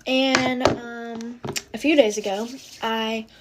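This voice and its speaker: A woman's voice: fairly high pitch, steady tone, slow pace, very noisy. A young woman starting a casual story while getting ready, chatty, with "like" and "um" fillers.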